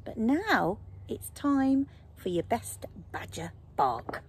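A woman voicing a bossy, pompous male badger in a children's story, loud and high. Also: sing-song, slow pace, slight background noise, full character voice.

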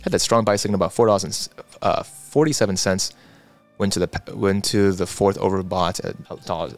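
A man hosting a casual livestream, reading viewer comments aloud in a relaxed, chatty way and adding quick asides. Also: low-pitched, faint music behind. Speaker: livestream host.

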